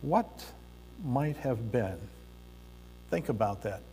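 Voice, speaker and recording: A man preaching a sermon in a church sanctuary, speaking deliberately with pauses and the odd filler as he tells a story. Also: mid-range voice, expressive, dark tone, slight background noise. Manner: slow, deliberate delivery with pauses and occasional fillers. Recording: reverberant church hall.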